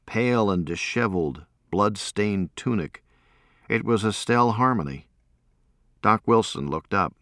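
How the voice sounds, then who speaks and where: A man with a low voice narrates a story in the first person. His delivery is even and matter-of-fact. The recording is dry and close, with no room sound. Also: measured pace, no echo. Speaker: audiobook narrator.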